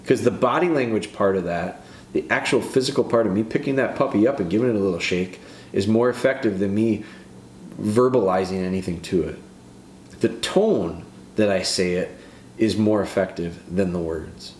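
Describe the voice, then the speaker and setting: Low-voiced man, dog trainer, roomy echo. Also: normal speed. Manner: earnest, repeats and restarts phrases. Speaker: dog trainer and podcast host. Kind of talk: casual podcast explanation. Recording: echoey room with faint background noise.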